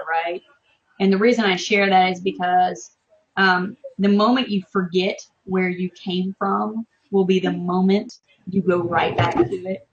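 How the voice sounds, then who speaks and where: Passionate, swearing woman on a muffled stream. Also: fairly low pitch. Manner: passionate, emphatic, swears freely. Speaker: interview guest, online business marketer. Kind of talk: casual live-stream interview. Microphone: video call.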